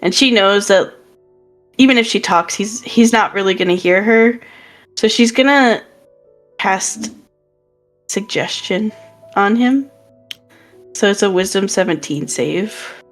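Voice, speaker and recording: Woman tabletop player, casual and chatty, mid-pitched. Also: slow, long pauses, faint music behind. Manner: chatty, many filler likes.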